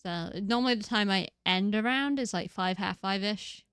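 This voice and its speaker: A woman streaming a game, chatting casually, giggly and rambling, with lots of upward inflections and a slightly croaky voice. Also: mid-range voice, moderate pace, a bit bright, no room sound, studio quality, faint music behind. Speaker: VTuber streamer. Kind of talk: casual live-stream chat while gaming.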